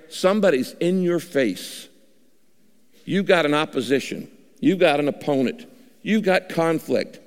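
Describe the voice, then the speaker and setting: A male pastor preaching a sermon, shifting his pitch and pausing dramatically for emphasis in a large church. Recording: long hall reverb.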